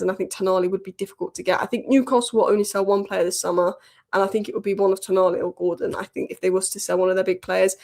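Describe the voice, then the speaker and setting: A woman hosting a football news channel, giving casual, opinionated commentary with quick asides. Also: medium pitch, darkish tone.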